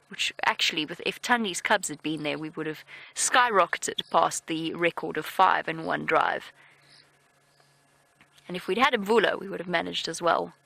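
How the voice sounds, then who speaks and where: A woman hosting a live safari drive outdoors at dusk, giving calm sighting updates. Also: on the low side, gravelly, dry recording, poor audio. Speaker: safari guide and live show host. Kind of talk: live safari broadcast commentary.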